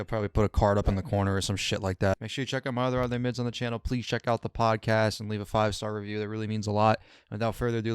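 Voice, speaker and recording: A man's voice: lowish voice, clean tone, dry recording, studio quality. A young man hosting his own channel from home, rambling casually and swearing while reviewing albums. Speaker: YouTube host reviewing albums. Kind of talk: casual chat.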